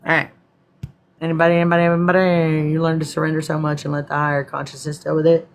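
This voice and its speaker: Texas guy running a live stream, kinda high voice, reads his notes then chats with viewers, swears a lot. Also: completely flat delivery, fast talker, gravelly. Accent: Texan. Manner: casual, profane asides to viewers. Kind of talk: live stream, reading a script and answering chat.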